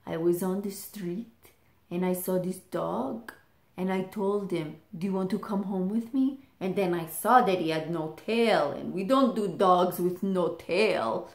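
A woman voicing her playful middle-aged father, telling his kids a tall tale in a hushed, conspiratorial way. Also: lowish voice, measured pace. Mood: hushed teasing. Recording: roomy echo.

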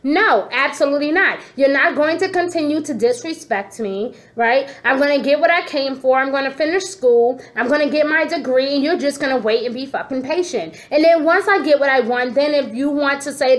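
A woman giving a casual tarot reading to her viewers, expressive and sassy, calling them endearments. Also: high voice, brisk. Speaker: tarot reader.

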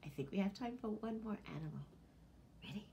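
A woman librarian leading a children's storytime and sing-along, animated and talking to her listeners as friends. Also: mid-range voice, a little fast, gravelly, slight background noise.

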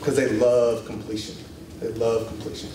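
A man teaching a church class in a casual, animated way, often acting out quoted voices and laughing. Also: medium pitch, normal speed. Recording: echoey room, distant mic, faint hiss.

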